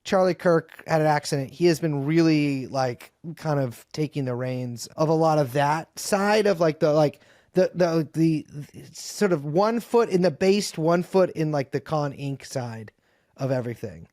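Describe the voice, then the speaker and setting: Rambling, profane man, fairly high voice. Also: a little slow, darkish tone, no room sound, studio quality. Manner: rambling, profane, lots of fillers and restarts. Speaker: podcast guest. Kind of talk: casual political chat.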